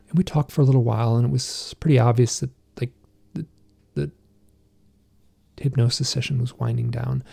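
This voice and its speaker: A middle-aged man with a gravelly, creaky voice tells a personal story as a podcast guest. He talks in halting restarts and breaks into intense, emotional outbursts when he quotes himself. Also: mid-range voice, dark tone. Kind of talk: recounting a personal experience.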